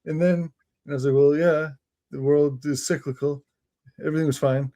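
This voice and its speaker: This co-host is a young man whose mellow voice sits on the high side, with fairly even intonation and a slightly fast pace. On a casual comedy chat show, he spins rambling stories, laughing frequently and slipping into silly voices.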